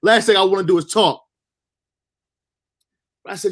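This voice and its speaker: A man with a somewhat high voice tells a story from his own life. He is emotional and near tears. He halts and restarts often. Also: expressive. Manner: halting, full of fillers and restarts. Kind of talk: personal storytelling monologue.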